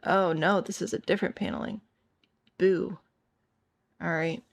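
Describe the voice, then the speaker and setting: A tired woman with a hoarse voice, chatting casually to her viewers as a streamer while she plays a game and thinks aloud. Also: lowish voice, steady tone, a little slow. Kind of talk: casual gameplay chat.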